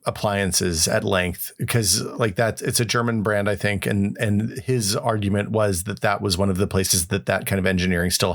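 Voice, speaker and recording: A man's voice: fairly low pitch, vocal fry. A man co-hosting a podcast in casual chat, explaining his points with examples and frequent restarts. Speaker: podcast co-host.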